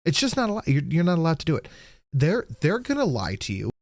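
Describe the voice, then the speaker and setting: A man's voice: fairly high pitch, huge pitch swings, quick pace, no room sound. A man co-hosting a casual political livestream, blunt and profane as he rants and reads out donations. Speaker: livestream co-host reading donations.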